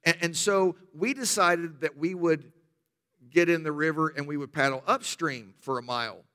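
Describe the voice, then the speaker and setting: A man's voice: a little high, moderate pace, sharp tone, smooth. A man preaching a sermon, telling stories emphatically with humorous asides.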